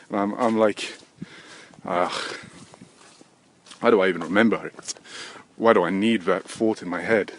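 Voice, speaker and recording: A man in his thirties hosting a rambling solo podcast, swearing constantly, drifting between low mutters and sudden loud outbursts. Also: normal speed, pauses often, slight background noise. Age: 30s. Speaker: podcast host. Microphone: desk microphone.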